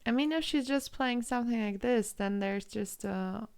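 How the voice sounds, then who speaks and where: A woman's voice: on the high side, normal speed, a little mellow, smooth. A woman streamer commentating a chess game live, thinking aloud in a hesitant, chatty way and answering chat. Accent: non-Irish.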